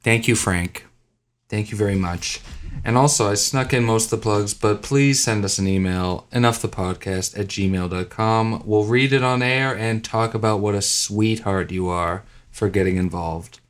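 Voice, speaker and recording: A man hosting a podcast in casual chat, playful and sarcastic, who shifts to a brisk announcer tone for plugs. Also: lowish voice. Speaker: podcast host.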